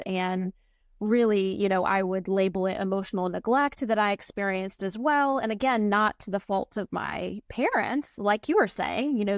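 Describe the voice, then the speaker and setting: A woman's voice: medium pitch, no room sound, clean studio sound. A woman hosting a podcast, talking about her own experience in an earnest, supportive way. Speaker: podcast host. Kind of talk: conversational podcast talk.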